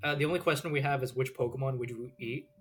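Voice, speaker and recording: A woman's voice: extremely low pitch, fast. A woman co-hosting a gaming podcast in loose casual chat, swearing and laughing often. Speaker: podcast co-host.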